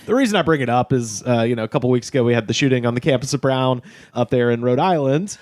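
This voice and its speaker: A man chatting casually on a podcast panel, animated, opinionated and quick to swear. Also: mid-range voice, dry recording, studio quality. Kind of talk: casual chat.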